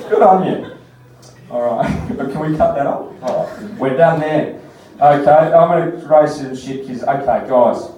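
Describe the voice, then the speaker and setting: A man's voice: a little high, expressive, measured pace, warm tone. A man with an Australian accent doing a crude stand-up comedy set, telling stories with mocking voices. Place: comedy bar stage. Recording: very echoey bar, distant mic.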